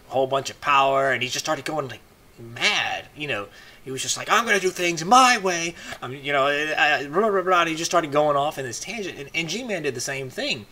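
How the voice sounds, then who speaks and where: Man, bright tense voice, casual vlog talk, rambling, lots of restarts. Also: medium pitch. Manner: rambling, many fillers and restarts. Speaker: video blogger. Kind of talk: casual monologue commentary.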